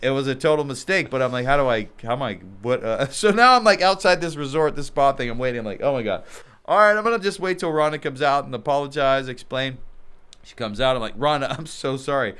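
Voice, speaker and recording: A man's voice: mid-range voice, fast talker, clean tone. A man, a guest on a podcast, telling a story in casual chat, acting out the voices and laughing often. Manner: animated storyteller, acts out quotes, laughs often. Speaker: podcast guest, underwater cameraman.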